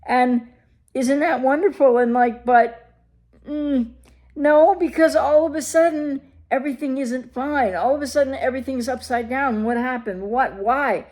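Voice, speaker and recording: A woman's voice: high-pitched, measured pace, a little mellow. A woman recovery coach talking straight to her viewers, emphatic and full of rhetorical questions. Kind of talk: direct-to-camera advice talk.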